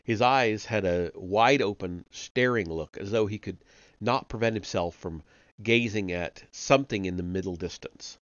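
A man reading a novel aloud live, measured, with occasional slips and self-corrections. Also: lowish voice, no echo, dull audio. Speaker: reader of an online book series.

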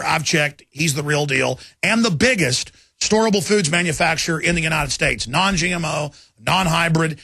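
A man's voice: fairly high pitch, creaky, pushed and bright, breathy edge, dry recording. A man hosting a talk radio show, ranting emphatically and repeating himself for force.

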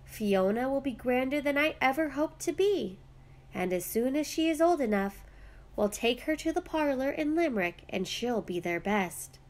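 A woman voicing a gentle mother in a storybook, speaking softly and fondly. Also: high voice, expressive, slow pace, few pauses, pitched above the performer's own voice. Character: gentle Irish mother, a lace maker.

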